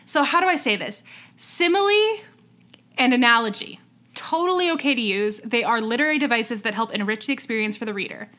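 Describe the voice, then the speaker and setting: A woman's voice: a little high, animated, a little fast, pushed and bright. A woman co-hosting a podcast, chatting casually with many fillers and restarts. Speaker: podcast co-host. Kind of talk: casual chat.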